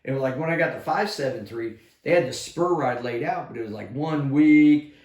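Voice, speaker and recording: An older man, a retired army sergeant major, telling war stories in a casual, heavily profane way and acting out shouted lines. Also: medium pitch, moderate pace. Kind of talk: casual storytelling with heavy swearing. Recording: echoey room.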